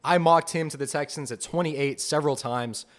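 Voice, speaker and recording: A young man hosting a live fan podcast, reacting to picks with excited, repetitive enthusiasm. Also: fairly high pitch, normal speed. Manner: excited, enthusiastic, repeats himself. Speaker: podcast host.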